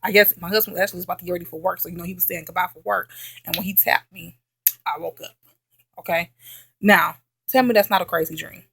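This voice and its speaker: A woman's voice: on the low side, steady tone, fast talker, gravelly, a bit bright, slight background noise. A woman vlogger telling a story in a casual late-night chat, emphatic and repeating herself, often checking in with "okay?".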